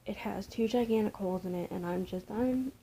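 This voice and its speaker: Young woman vlogger, casual rambling home chat with soft near-whispered stretches, mid-pitched, noisy camera audio with clicks. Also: a little fast. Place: home, indoors. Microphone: camera mic.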